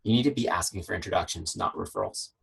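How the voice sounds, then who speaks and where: A man leading a team training call on a video call, energetic and conversational, peppering his talk with rhetorical questions. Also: sits low, quick pace, gravelly, noisy background. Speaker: network marketing trainer. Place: home office shed.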